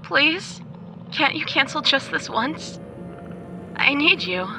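Man doing a pleading young woman, soft, high, slow, horror story, music behind. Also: sing-song, exaggerated voice.

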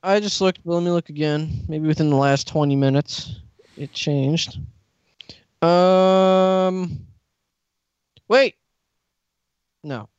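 Man, high lively voice, jokey podcast co-host, dry sound. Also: slow, pauses often, clean tone, dry recording, highs cut off. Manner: jokey, giggly, animated. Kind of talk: casual podcast banter.

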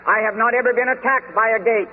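A man preaching a sermon with deliberate, emphatic delivery and slowed stresses. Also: very high voice, fairly even intonation, slight background noise. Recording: tinny phone-like archive recording in a long-reverb hall.

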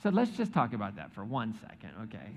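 A man's voice: fairly low pitch, huge pitch swings, fast, a little hiss or hum. A man preaching a sermon, retelling a scripture story with joking asides and acted-out quotes. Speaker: pastor. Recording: echoey hall, dull sound.

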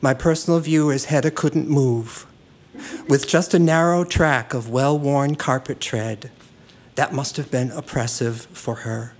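A man reading a humorous essay aloud with a dry, wry delivery. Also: medium pitch. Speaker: essay reader.

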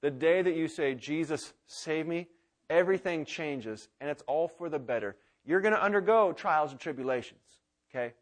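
A man in his thirties delivers a sermon with fervor, his voice sitting a little higher than most men's. He builds to loud, excited exclamations, then drops to a hushed, quiet tone for prayer. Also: moderate pace. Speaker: pastor.

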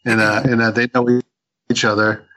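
A man's voice: mid-range voice, level tone, moderate pace, sharp tone, rough recording. A man co-hosting a comic book podcast, retelling a story in a rambling way with many restarts. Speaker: podcast co-host. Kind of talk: casual comic book review chat.

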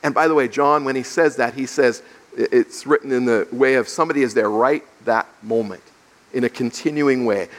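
A man's voice: mid-range voice, normal speed. A male pastor giving an expository sermon, explaining scripture verse by verse and acting out the questions of its characters. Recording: long reverb of a large hall.

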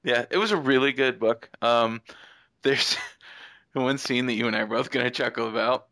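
A man's voice: mid-range voice, moderate pace, sharp tone, dry recording. A man co-hosting a casual podcast chat about comics, joking and laughing often. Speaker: podcast co-host.

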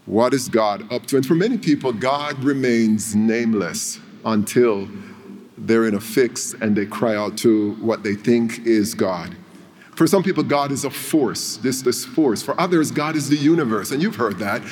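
A male preacher delivering a sermon, telling a story with dramatic pauses. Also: mid-range voice, darkish tone. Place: church. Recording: long reverb of a church hall.

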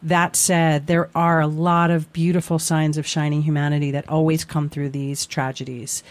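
A talk-show co-host speaking reflectively in casual conversation, pausing often with fillers. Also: mid-range voice, level tone, dry recording. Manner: reflective, halting, many fillers. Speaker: podcast co-host.

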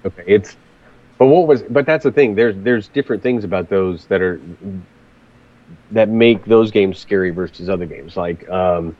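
A man's voice: sits low, lo-fi sound. A man chatting casually about games, often repeating words as he starts sentences. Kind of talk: casual chat.

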